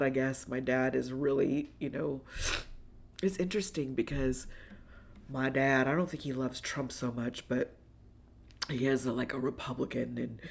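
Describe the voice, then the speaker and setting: Woman, lower-pitched, for an unfiltered, rambling solo podcast where she swears freely. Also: a little mellow. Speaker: podcast host. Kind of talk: personal monologue podcast.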